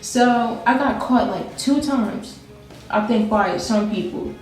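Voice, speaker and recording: A woman's voice: fairly high pitch, slow pace, a little mellow. A young woman telling a personal story in casual chat, rambling and laughing as she goes. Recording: very echoey room with faint music.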